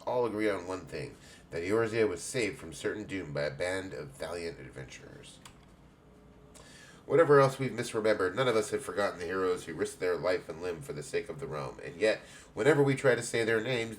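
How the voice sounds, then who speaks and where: A man's voice: sits low, lively intonation, brisk, a little hiss or hum. A man voicing a stately, motherly woman who heads an adventurers' guild, in a put-on English accent and grand, old-fashioned speech while reading game dialogue aloud.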